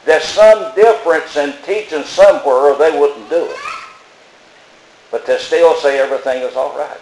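An older man gives a folksy sermon with a slightly high voice and plain, repetitive phrasing. He preaches in a room with a lot of echo. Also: normal speed, a little mellow, a little hiss or hum. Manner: plainspoken, storytelling, repeats phrases. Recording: echoey room.

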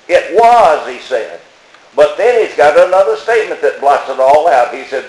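An older man gives a folksy sermon with a slightly high voice and plain, repetitive phrasing. He preaches in a room with a lot of echo. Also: sing-song, normal speed, a little mellow. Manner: plainspoken, storytelling, repeats phrases. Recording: echoey room.

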